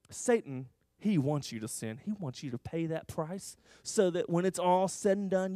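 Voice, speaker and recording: A man leading a children's church lesson, telling stories to the kids with animated, exaggerated delivery. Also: high voice, dry recording, clean studio sound. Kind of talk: children's sermon.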